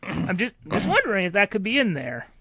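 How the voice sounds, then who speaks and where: A man's voice: high-pitched, huge pitch swings, brisk, creaky, bright, forceful tone, slightly rough, dry recording, clean studio sound. A man co-hosting a podcast, talking casually and rambling with fillers and restarts. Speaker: podcast co-host. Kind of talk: casual chat.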